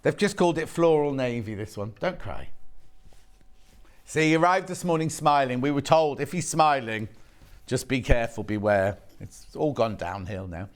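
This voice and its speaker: A man of medium pitch and normal speed hosts live TV sales chat from a studio. He enthuses about fabrics and banters with the crew behind the camera.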